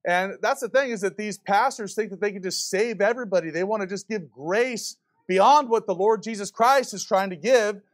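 A man with a notably high voice preaches a fiery sermon to a congregation. He fires rhetorical questions at the pews and pushes his points hard. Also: moderate pace, few pauses. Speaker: visiting preacher. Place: church before a congregation.

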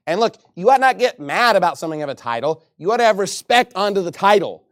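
A man's voice: high-pitched, sing-song, fast talker, fairly bright tone, no echo. Fiery male pastor with a raised voice, mocking quoted people, preaching, dry close sound. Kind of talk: sermon.

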